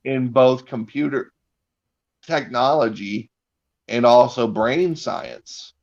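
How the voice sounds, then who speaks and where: A man on a casual live stream who rambles, swears freely and builds out wild hypothetical scenarios with lots of fillers. His voice sits at an ordinary middle pitch and comes through dull, lo-fi audio. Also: slow pace, darkish tone. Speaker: stream co-host.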